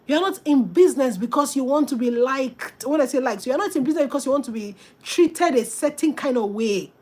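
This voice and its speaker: A woman coaches business owners in a motivational talk, with an emphatic, preachy delivery. She speaks straight to her listeners. Her voice sits a little high for a woman. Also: animated, brisk, darkish tone. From Africa.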